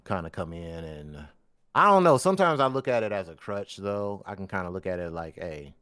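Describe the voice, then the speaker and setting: A man's voice: low-pitched, very animated, brisk, bright, forceful tone, smooth, no echo, clean studio sound. A man co-hosting a casual gaming podcast, talking bluntly in slang and cracking jokes. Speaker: podcast co-host.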